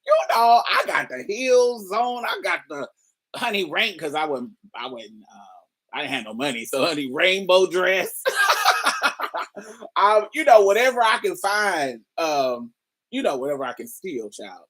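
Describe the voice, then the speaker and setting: A woman's voice: on the low side, very animated, a little slow, a bit bright. A woman telling a personal story in a candid, casual way, swearing freely and laughing often. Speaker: storyteller host.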